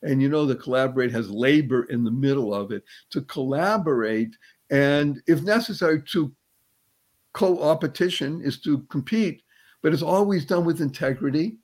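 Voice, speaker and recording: A man giving an animated, uplifting motivational talk as a guest. He quizzes his listener playfully and slows and stretches words to stress a point. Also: a little high. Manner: playful, teacherly, quizzes the host; spiritual, uplifting tone. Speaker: guest speaker.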